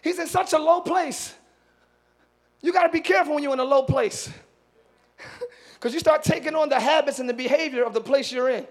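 A man pastor preaching a sermon in a church, swinging between hushed asides and shouted, animated exhortation. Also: extremely high pitch, moderate pace, long pauses. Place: church sanctuary.

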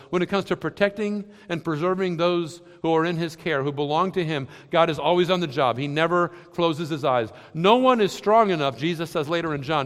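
A man preaching a sermon with a fairly high voice. He swings from loud, emphatic lines down to soft, near-quiet ones, and his words ring out with the long reverb of a large hall. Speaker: pastor.

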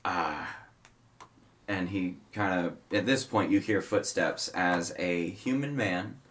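A man's voice: deep voice, slow, fairly bright tone. A man narrating a tabletop game as game master, casual and rambling with many fillers.

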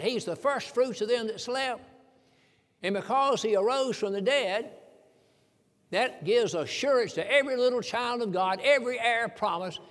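A man preaching a sermon in a folksy way, chuckling between points and slowing down when he quotes scripture. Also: sits high, fairly bright tone, long reverb tail.

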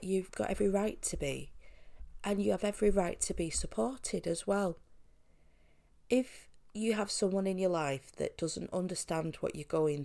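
A woman's voice: mid-range voice, vocal fry, warm tone. A woman hosting a podcast, speaking earnestly and reassuringly straight to the listener. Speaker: podcast host on pet bereavement. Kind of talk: direct-address podcast talk.

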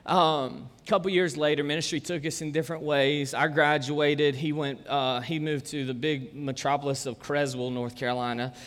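A man's voice: a little high, steady tone, normal speed, hardly any pauses, fairly bright tone. A man, preaching a casual, conversational sermon full of jokes and chatty asides. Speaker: pastor. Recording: long church-hall reverb.

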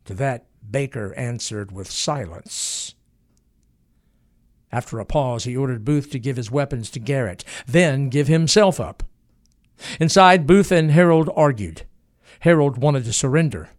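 A man giving scripted documentary narration, telling a historical event in a dramatic, measured way. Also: medium pitch, expressive.

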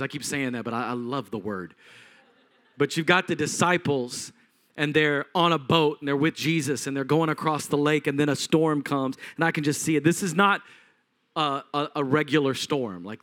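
High-voiced animated preaching man. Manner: animated storytelling, acting out voices, swings from loud to hushed. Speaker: pastor. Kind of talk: sermon.

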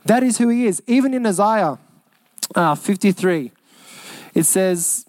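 A young man with an Australian accent preaching a sermon as pastor, earnest, repeating lines for emphasis and slowing down on key phrases. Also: sits high, expressive, a little mellow, dry recording.

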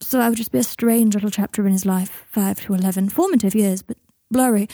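Woman reading a clipped bitter wizard dad, mellow dry storybook sound. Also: medium pitch, fairly quick, no room sound, natural voice. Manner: strained and clipped. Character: bitter, clipped, proud adult wizard father.

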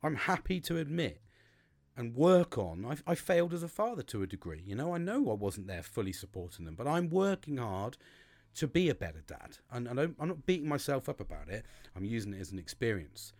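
A man's voice: medium pitch, sing-song, fairly quick, darkish tone. A man talking through a casual motivational monologue, rambling and repeating himself, swearing freely.

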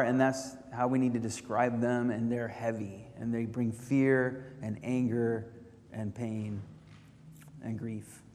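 A man preaching a sermon as pastor, reflective and halting with frequent ums, lifting his voice when reading scripture aloud. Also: medium pitch, a little hiss or hum. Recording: reverberant hall.

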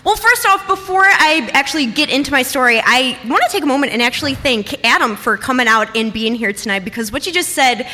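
A woman's voice: high-pitched, lively intonation, fairly quick, few pauses, pushed and bright. A woman speaking on stage at a storytelling event, chatty and earnest. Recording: long hall reverb.

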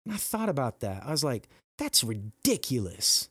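A middle-aged man talking on his podcast, earnest and pumped up, rambling with restarts and leaping up in pitch whenever he acts out quoted exclamations. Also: sing-song, fast, no echo, clean studio sound. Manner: jumps high for quoted exclamations. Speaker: podcast host. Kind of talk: motivational podcast monologue.

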